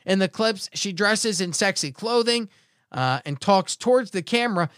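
A man's voice: sits high, animated, normal speed, fairly bright tone, no room sound, clean studio sound. A man hosting a casual comedy podcast, reading out odd news stories with wry jokes. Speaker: podcast host.

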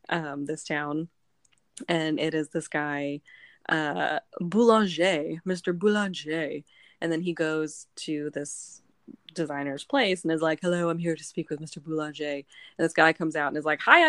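A woman with a notably low-pitched voice talks through a novel's plot in loose, rambling chat, stacking "like" and "um" as she goes. Her speech is recorded close and dry, with no room sound around it. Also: no room sound. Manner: rambling, animated retelling with filler words. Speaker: book club podcast co-host. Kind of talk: casual chat recapping a novel.

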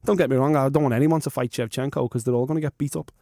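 A man's voice: medium pitch, fairly even intonation, very fast, mellow, no room sound, studio quality. A man co-hosting a podcast in casual chat, blunt and enthusiastic with strong opinions. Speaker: podcast co-host.

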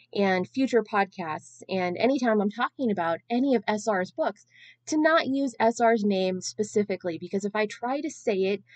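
A woman's voice: mid-range voice, a little mellow, dry recording. A woman in her thirties hosting a podcast alone, telling a long-winded, self-deprecating story in a casual, chatty way. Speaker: podcast host.

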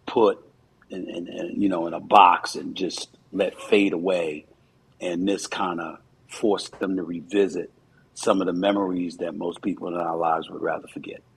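A man's voice: deep voice, husky, rough recording. A man in his fifties, a commentator, giving earnest, reflective interview answers with frequent fillers.

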